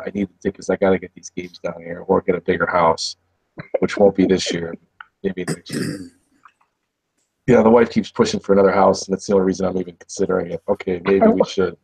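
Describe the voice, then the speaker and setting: A man's voice: low voice, darkish tone, slightly rough, dry recording, rough recording. A man rambling casually about his plans in a group chat. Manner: rambling, thinking aloud.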